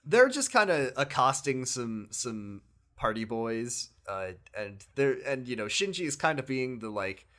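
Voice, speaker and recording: A man's voice: medium pitch, measured pace. A man co-hosting a podcast, casually retelling a video game story with laughs and acted-out lines. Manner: animated, laughing, acts out characters' lines. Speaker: podcast co-host.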